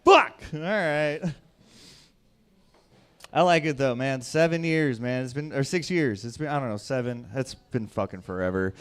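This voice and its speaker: A young adult man doing a profane stand-up comedy set on a club stage, swinging between loud shouting and low mutters. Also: moderate pace, clear, resonant tone.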